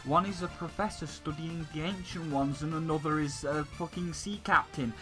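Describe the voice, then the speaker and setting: A man's voice: a little high, normal speed, few pauses, over music, poor audio. A man hosting a gaming channel, delivering a heated, profanity-laced rant that hammers the same points again and again. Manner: heated, swearing, repetitive ranting. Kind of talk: profane video game rant.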